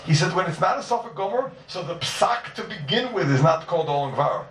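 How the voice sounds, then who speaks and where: Animated gravelly man teaching Talmud. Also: fairly high pitch, a little fast, slight background noise. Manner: animated, sing-song, stresses key words. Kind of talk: yeshiva-style Talmud lecture. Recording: roomy, from far off.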